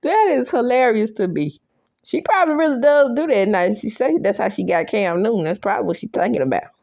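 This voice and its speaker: A woman's voice: mid-range voice, expressive, fairly quick, creaky, a little mellow, no room sound, studio quality. A woman recapping a TV episode in a casual, sassy way, laughing often and acting out the characters' lines. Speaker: recap host. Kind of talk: casual show recap with reactions.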